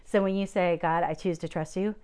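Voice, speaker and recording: With a clear, resonant, lowish voice and a fairly quick delivery, a middle-aged woman gives her testimony as a guest speaker into a handheld microphone. She laughs as she tells it, acting out the voices of the people involved, then guides listeners in prayer.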